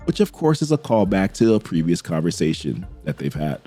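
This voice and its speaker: A man's voice: low-pitched, very animated, brisk, mellow, slightly rough, soft background music. Enthusiastic man recapping a comic. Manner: enthusiastic, chatty. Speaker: comic book reviewer.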